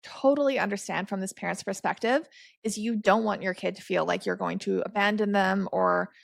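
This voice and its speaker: A woman hosts a relaxed podcast conversation, asking curious, probing questions and laughing often. Her voice is heavy with vocal fry. The recording is close and dry. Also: mid-range voice, a little fast, no room sound. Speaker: podcast host. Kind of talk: casual podcast chat.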